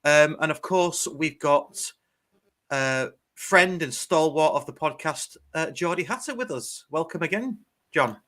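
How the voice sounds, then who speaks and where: A man's voice: fairly high pitch, lively intonation, measured pace, a bit bright. A man with an English accent co-hosting a football fan podcast, chatty and laughing easily, with many fillers. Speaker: podcast co-host. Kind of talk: casual football chat.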